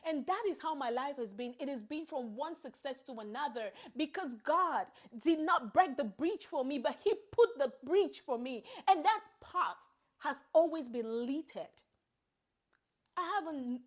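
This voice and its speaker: A young woman speaks in a high, bright register. She delivers a heartfelt testimony of gratitude. She drops soft and low in places, then rises into loud, laughing bursts. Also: expressive, unhurried. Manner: emotional and grateful, swings from soft and low to loud, laughing outbursts. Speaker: vlogger giving a personal testimony.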